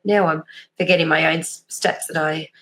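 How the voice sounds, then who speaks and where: A woman's voice: low voice, fairly even intonation, moderate pace, fairly bright tone, slight background noise. A woman, a behavioural profiler chatting as an interview guest, loose and self-deprecating, acting out small examples as she explains. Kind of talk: casual interview chat.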